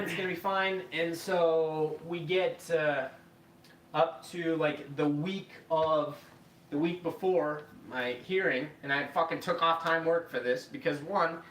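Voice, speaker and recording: A man hosting a podcast, telling a story casually with lots of swearing and animated acted-out quotes. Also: fairly high pitch. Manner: profane, animated, acts out quoted voices. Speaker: podcast host. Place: live podcast room. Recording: echoey room, mic far off, faint noise.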